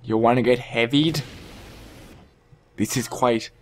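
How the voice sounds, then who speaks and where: A man's voice: mid-range voice, slow, very noisy. A man giving casual live commentary over his own gameplay, joking and talking to the players on screen. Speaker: gaming YouTuber.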